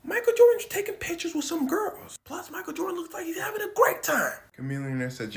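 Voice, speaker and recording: A storyteller retelling a celebrity anecdote casually, swinging between hushed whispers and loud bursts. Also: very high voice, big pitch swings, brisk, hardly any pauses.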